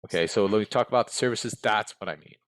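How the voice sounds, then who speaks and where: A man's voice: fairly low pitch, quick pace, no echo. An American man, a former case manager, answering interview questions bluntly and candidly, often tagging on "right?" and "okay?". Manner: blunt and direct, with frequent tag questions. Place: interview room.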